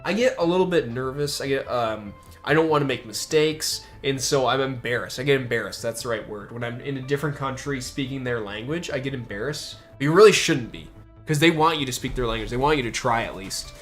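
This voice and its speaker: A man from the United States talks casually while streaming, his voice sitting at an ordinary middle pitch. He rambles, with plenty of fillers and restarts. Faint music plays quietly underneath. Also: brisk. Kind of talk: casual chat.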